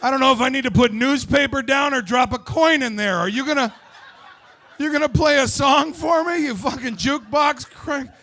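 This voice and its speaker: A male stand-up comic on stage, ranting with profane, shouted punchlines. His voice sits high for a man. The tone is bright and cutting. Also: normal speed. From United States. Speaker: stand-up comedian. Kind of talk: stand-up comedy set.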